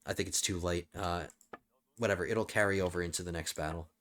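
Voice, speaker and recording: Man with a strained voice, low-pitched. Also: steady tone, fast, slight background noise. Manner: thinking out loud while playing. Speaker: gaming channel host. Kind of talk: casual let's play commentary.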